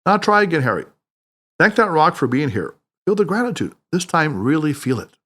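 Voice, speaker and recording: A man's voice: big pitch swings, moderate pace, fairly bright tone. A man voicing a wise, playful older male mentor who teases and speaks emphatically. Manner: emphatic, teasing, booming laughter.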